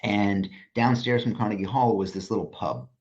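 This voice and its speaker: A man who is a designer and author, talking as a podcast guest. He tells stories in an animated way and swears freely. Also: fairly low pitch, normal speed. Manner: animated, profane storyteller. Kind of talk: casual podcast conversation. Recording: slightly dull lo-fi audio.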